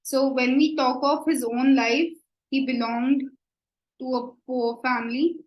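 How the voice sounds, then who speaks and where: Indian english woman teacher, high voice, unhurried, echoey room. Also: fairly even intonation. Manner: slow, deliberate, repeats "right?" often. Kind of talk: exam coaching lecture.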